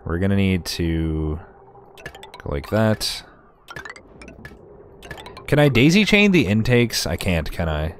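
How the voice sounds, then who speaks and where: A man's voice: deep voice, big pitch swings, slow pace, pauses often, faint music behind. A man streamer giving casual gameplay commentary, chatty and sarcastic with himself, swearing often.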